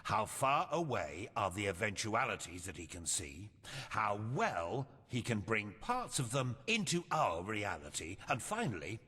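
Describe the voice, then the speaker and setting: A scornful old scholar-mage. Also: male voice, on the low side, sharp tone, breathy edge, in a large hall, exaggerated voice. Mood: lecturing. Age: older. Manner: condescending, scolding.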